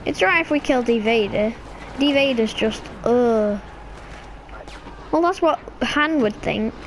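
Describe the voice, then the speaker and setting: Over a noisy background, a woman offers easygoing, giddy gameplay commentary, talking on and on before suddenly letting out shrill squeals. She speaks a little slowly.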